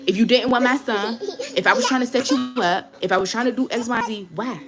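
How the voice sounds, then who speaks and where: A woman's voice: a little high, brisk, loud music behind the voice. A woman, a tarot reader hosting her channel, rants to her viewers in a blunt, heated way, swearing often and repeating herself. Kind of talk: casual ranting vlog.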